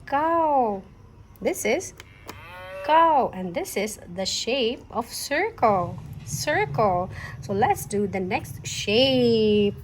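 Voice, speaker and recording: High, very slow young woman teaching toddlers. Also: big pitch swings, a little hiss or hum. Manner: very slow, singsong, questioning. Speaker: children's teacher.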